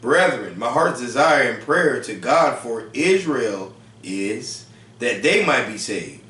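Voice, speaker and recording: A man reading scripture aloud in a measured, deliberate way. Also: medium pitch, sing-song, pushed and bright. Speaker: scripture reader. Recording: roomy sound from a distance.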